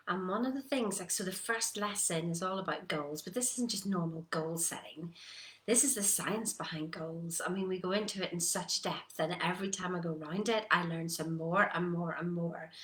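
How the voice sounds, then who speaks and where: A woman giving a casual motivational talk, animated and acting out her own doubts. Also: fairly low pitch. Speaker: personal development coach. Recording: echoey room.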